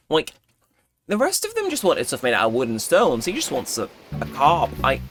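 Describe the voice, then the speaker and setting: A young man casually commenting on his gameplay, chatty and joking, now and then jumping into high-pitched exclamations. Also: very animated, normal speed, a bit bright. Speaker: gaming channel host. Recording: game music playing behind. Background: game music.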